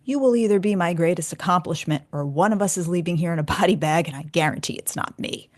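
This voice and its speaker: A woman's voice: fairly low pitch, quick pace, natural voice. A woman quoting a stern male martial arts instructor, giving curt, commanding orders in a raised voice. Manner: barking, commanding.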